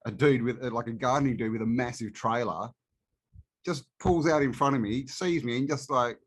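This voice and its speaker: A man's voice: mid-range voice, moderate pace, husky. A man, a guest in a casual chat, ranting and swearing freely.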